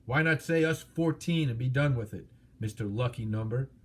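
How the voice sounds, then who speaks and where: A vast, proud old dragon boasts and mocks in a slow, husky voice, as a man reads him aloud. He savors each grand claim with wily menace, like a storybook villain. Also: mid-range voice, natural voice. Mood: mocking.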